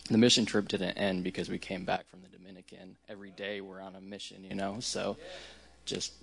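A man with a very deep, gravelly voice reflects on a mission trip in a church testimony. He speaks flatly, with little rise and fall, pausing as he gathers his thoughts.

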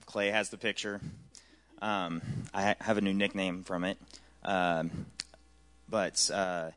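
A man in his thirties with a low, flat voice shares trip stories at church. He tells them in a casual, joking way. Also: slow. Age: 30s. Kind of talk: church testimony.

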